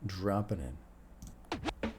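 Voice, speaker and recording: A man hosting a music reaction, talking casually and thinking out loud with restarts and trailing phrases, swearing now and then. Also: deep voice, wildly swooping pitch, drawn-out words, heavy background noise. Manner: laid-back, swears casually. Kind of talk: casual first-listen commentary.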